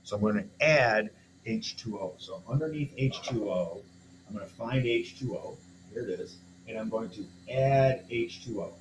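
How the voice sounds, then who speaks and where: A man's voice: fairly low pitch, moderate pace, reverberant, a little hiss or hum, poor audio. A man teacher working through a homework problem aloud, step by step, checking in with his students. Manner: talks through steps aloud, checks in with listeners. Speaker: chemistry teacher. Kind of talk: homework walkthrough lesson.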